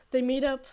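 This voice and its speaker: A young woman streamer retells a novel's plot in a slow, meandering way, often stopping to restart her sentences. Her voice sits a little high, and her throat sounds scratchy. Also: a little mellow. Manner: rambling, full of "like" and restarts. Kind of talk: casual storytelling on a stream.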